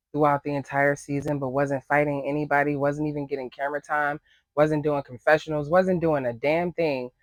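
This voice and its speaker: A man with a somewhat high voice delivers opinionated reality TV recap commentary. He talks in a sassy, animated way. The sound is close and dry, with no room echo. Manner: sassy, animated, acts out quotes in higher voices.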